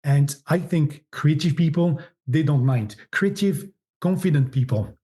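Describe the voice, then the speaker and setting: Man with a French accent, middle-aged, mellow warm tone, fairly high voice, animated interview guest. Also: unhurried. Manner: animated, repeats words while searching for phrasing. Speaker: agency founder, guest. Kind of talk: podcast interview.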